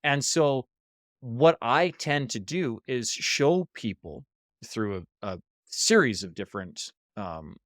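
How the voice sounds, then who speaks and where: In a hostel room, a man being interviewed for a podcast recounts a story involving leadership workshops, acting out quoted voices with animation. He speaks slowly in a mid-range voice. The sound is clean, studio-grade, and echo-free.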